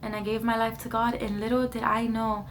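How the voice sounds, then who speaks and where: A woman's voice: fairly high pitch, flat delivery, brisk, slight background noise. A young woman vlogger giving a heartfelt personal testimony to the camera, earnest and repeating words for emphasis. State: emotional at times. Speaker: vlogger sharing her testimony.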